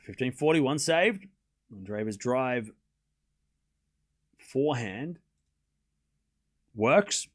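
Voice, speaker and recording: A man's voice: mid-range voice, lively intonation, takes it slowly, long pauses. A young Australian man giving casual live tennis commentary on a stream, chatting with his viewers and laughing often. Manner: chatty, reads chat aloud, laughs often.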